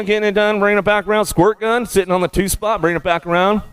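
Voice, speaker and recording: A man calling BMX races live as track announcer, rattling off rider names in a rapid, rhythmic play-by-play and repeating stock phrases. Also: high-pitched, fairly even intonation, a bit bright, clear, resonant tone. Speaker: race announcer. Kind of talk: live race commentary.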